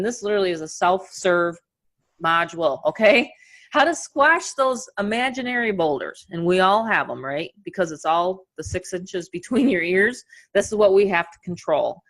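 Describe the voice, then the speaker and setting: Energetic New York woman coaching online. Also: medium pitch. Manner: energetic and upbeat, talks in quick bursts. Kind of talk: live webinar presentation.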